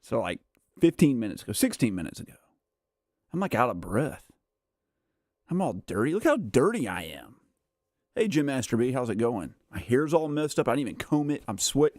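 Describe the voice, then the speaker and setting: A man's voice: medium pitch, big pitch swings, brisk, darkish tone, no echo, studio quality. A man hosting a casual gameplay livestream, rambling and self-mocking as he chats, tired and worn out. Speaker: gaming livestream host. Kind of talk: casual live gameplay chat.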